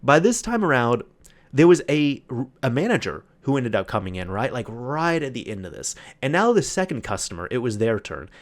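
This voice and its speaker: A man in the middle of his pitch range talks through a shop story on his solo podcast. He tells it casually and with energy, slips into the voices of the people involved, and keeps restarting his sentences as he goes. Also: normal speed. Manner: animated retelling with quoted voices, frequent restarts. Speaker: podcast host.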